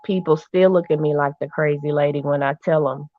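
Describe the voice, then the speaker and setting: A woman's voice: low voice, steady tone, fairly quick, no room sound. Woman guest, earnest and insistent, dry dull lo-fi audio. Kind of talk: casual chat.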